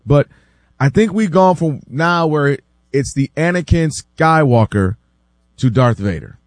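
A man hosting a casual sports debate, animated and acting out quotes from other people, often repeating words as he builds his point. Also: on the high side, a little slow, no room sound. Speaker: sports talk show host.

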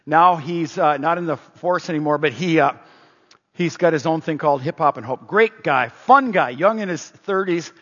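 High-voiced preacher man in a reverberant hall. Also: moderate pace. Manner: conversational, animated, with restarts. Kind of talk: sermon with personal storytelling. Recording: dull sound with long hall reverb.

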